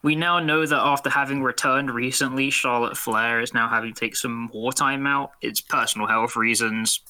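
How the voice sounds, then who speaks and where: A man's voice: medium pitch, steady tone, normal speed, pushed and bright. A man co-hosting a wrestling podcast, chatting casually, rambling and laughing often. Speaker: podcast co-host.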